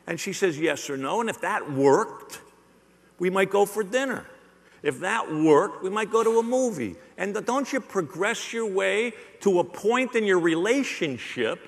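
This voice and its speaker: A man's voice: sits high, vocal fry, fairly bright tone. Joking keynote man in a big hall. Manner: joking, audience-teasing, punchy repetition. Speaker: keynote sales speaker. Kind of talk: live conference keynote. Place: large hall on stage. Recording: long hall reverb.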